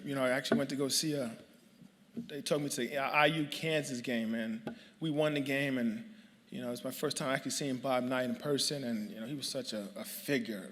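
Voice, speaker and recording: A man's voice: mid-range voice, fairly bright tone. A man in his late thirties from New York, giving a chatty, joking hall of fame acceptance speech full of fillers and restarts. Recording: long hall reverb.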